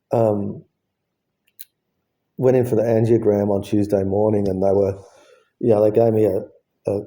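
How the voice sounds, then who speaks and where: A man's voice: fairly low pitch, mellow. A man, telling the story of his heart surgery in a casual, blunt way, swearing freely and acting out what people said. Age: 50s. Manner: blunt, swears freely, acts out both sides of conversations.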